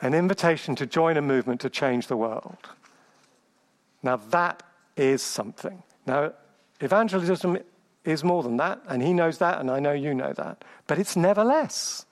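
A man preaching with conviction, his voice sitting a little high for a man. He stacks up lists and fires off rhetorical questions to press each point home. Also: expressive, moderate pace. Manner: emphatic, rhetorical questions, builds through lists. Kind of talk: sermon.

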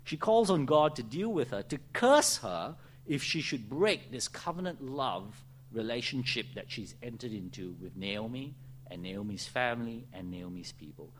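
A man preaching an earnest expository sermon, often slowing down to dwell on key phrases. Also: medium pitch, very animated, a little hiss or hum.

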